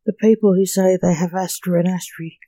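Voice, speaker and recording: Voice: medium pitch, steady tone, a little fast, mellow, no room sound, lightly acted. A reader voicing a stern male magician who is a worried father, snapping his lines urgently in a storybook reading.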